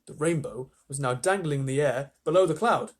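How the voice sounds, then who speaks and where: A man reading a children's storybook aloud to live listeners, animated, with chatty asides. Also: fairly high pitch, a little fast.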